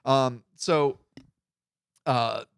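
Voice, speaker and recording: A man's voice: medium pitch, drawn-out words, clean tone, dry recording, clean studio sound. A man co-hosting a casual podcast, rambling and acting out quotes as he talks. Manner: rambling, animated, acts out quotes. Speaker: podcast co-host.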